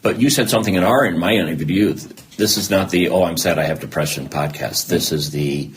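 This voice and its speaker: A man's voice: sits low, quick pace, slight background noise. A middle-aged man, a podcast guest, talking candidly about his life and acting out remembered conversations. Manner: animated storyteller who acts out remembered dialogue. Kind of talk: candid personal interview.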